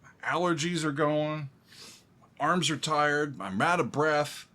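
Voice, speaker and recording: A man who is a composer, giving music reaction commentary, excitable and humming along as he talks to viewers like friends. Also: a little high, measured pace.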